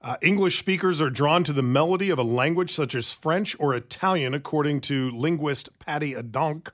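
A man's voice: fairly high pitch, normal speed. A man hosting a radio talk show, bantering casually and reading out items with a joking manner. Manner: lively, joking, reads items aloud.

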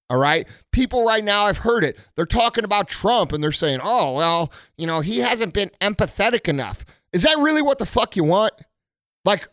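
Blunt, swearing high-voiced man. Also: fairly bright tone, dry recording, clean studio sound. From United States. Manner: blunt, aggressive, heavy swearing. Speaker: motivational speaker. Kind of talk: profane motivational rant.

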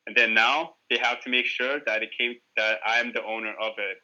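A man's voice: mid-range voice, level tone, a little fast, sharp tone, lo-fi sound. A man guesting on a podcast, telling a rambling, profane story in casual chat, full of "like" fillers.

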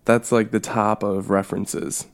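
A man co-hosting a casual comedy podcast, rambling with deadpan, self-deprecating sarcasm. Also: on the low side, measured pace, gravelly. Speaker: podcast co-host.

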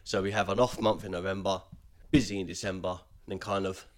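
A man's voice: low voice, flat delivery, fast. Male podcast co-host, loose chatty delivery, lots of fillers and restarts. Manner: rambling, many ums and restarts. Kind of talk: casual chat.

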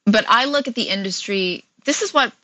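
Bright-voiced chatty actress, dry sound. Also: female voice, medium pitch, brisk, no room sound, poor audio. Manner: chatty, many fillers, laughs often. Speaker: actress guest. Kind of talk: casual interview chat.

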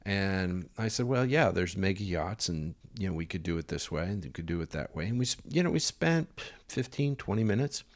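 A man recounts a personal story in a loose, meandering way, dropping in ums and quoted lines of dialogue. His voice sits low and has a gravelly, creaky texture. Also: expressive, brisk. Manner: rambling, filler-heavy storytelling with quoted dialogue. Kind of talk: casual anecdote.

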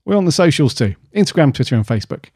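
A man's voice: a little high, very animated, very fast, mellow, breathy edge, no echo, clean studio sound. A man hosting a casual podcast, chatty and jokey with plenty of slang. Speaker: podcast host.

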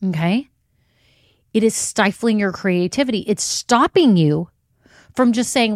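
A woman's voice: medium pitch, lively intonation, moderate pace, no room sound. Lady podcast host, peppy pep-talk vibe, dry close mic. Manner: upbeat, coaching, addresses listeners as y'all. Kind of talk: motivational business podcast talk.

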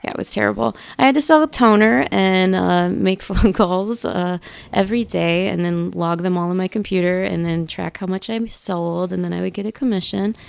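A woman co-hosting a podcast, telling a story in casual chat, swearing freely and animated. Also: on the low side, normal speed, creaky, few pauses, clean tone, no room sound. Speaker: podcast co-host.

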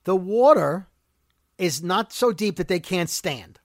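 Man, high voice, very dry sound, casual episode recap, fast animated ranting. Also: dry recording. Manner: animated, talks fast, rants about plot holes. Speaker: podcast host recapping a TV episode.

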